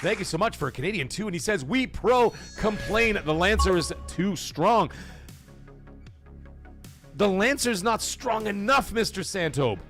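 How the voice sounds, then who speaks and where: A man hosting a gaming livestream, loudly shouting out chat donations and swearing casually. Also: sits high, lively intonation, measured pace, soft background music. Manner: loud, hyped shout-outs reading chat donations. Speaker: livestream host. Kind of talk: energetic live stream chat.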